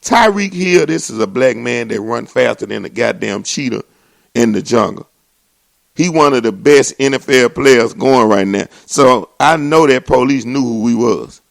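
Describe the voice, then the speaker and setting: Gravelly man ranting. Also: normal speed, no echo. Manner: animated, swings into mocking voices and high exclamations. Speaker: comedy show host. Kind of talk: profane comedic rant.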